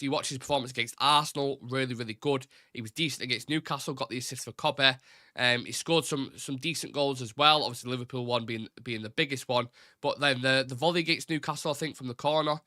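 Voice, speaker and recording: A man hosts a live stream for football fans, talking casually and at length, rambling with strong opinions and dropping the odd swear word. His mid-range voice is fairly quick with a sharp tone. The recording is dry and clean, studio-style.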